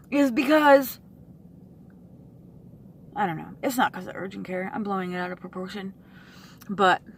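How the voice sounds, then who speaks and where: Exasperated high-voiced woman venting to camera. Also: a bit bright. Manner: frustrated, swearing, with sighs and pauses. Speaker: vlogger.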